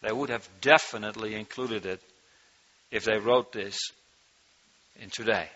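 A man preaching an earnest sermon, his voice rising in pitch and force when he reads from scripture. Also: steady tone, moderate pace, fairly bright tone, highs cut off. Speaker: pastor.

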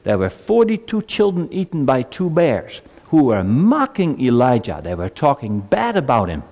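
A man's voice: medium pitch, huge pitch swings, moderate pace, darkish tone, in a large hall, muffled recording. A man giving a children's sermon, telling a story with animation and asking the children questions. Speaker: preacher.

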